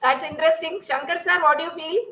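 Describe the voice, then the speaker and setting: A woman's voice: very high voice, fairly even intonation, fast, bright, forceful tone, slight background noise. A woman from India with an Indian English accent, a stress management trainer leading a guided visualization meditation, soothing and repeating her breathing cues. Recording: echoey dull sound with faint music.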